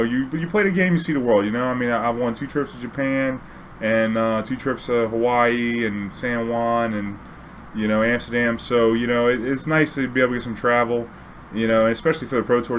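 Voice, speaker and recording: New dude telling a story, relaxed and slangy, mid pitch, bit of hiss behind. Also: male voice, brisk. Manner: laid-back, slangy, animated when quoting himself. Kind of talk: casual storytelling.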